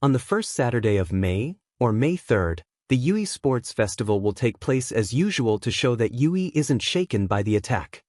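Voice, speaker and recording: A man's voice: mid-range voice, very animated, moderate pace, few pauses, darkish tone, dry recording, studio quality, lightly acted. A man reading a fan story, voicing a stern adult male teacher making a formal announcement to a class.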